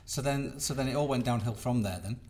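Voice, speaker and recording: A man's voice: mid-range voice, fairly quick, background noise. A man, a magician, rambling through an anecdote in casual chat, full of fillers and trailing off. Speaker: magician, podcast co-host.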